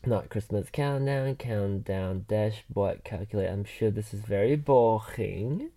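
A man's voice: fairly low pitch, measured pace, hardly any pauses, warm tone. A man chatting and rambling live from his bed into a binaural mic, laughing often and swearing casually. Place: bedroom, in bed. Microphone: binaural mic on a computer.

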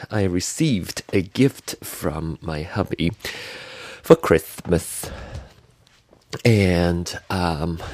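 Chatty low-voiced man rambling. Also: darkish tone. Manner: chatty, rambling, self-interrupting. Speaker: podcast host. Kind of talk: casual rambling chat. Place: living room at home. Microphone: handheld recorder.

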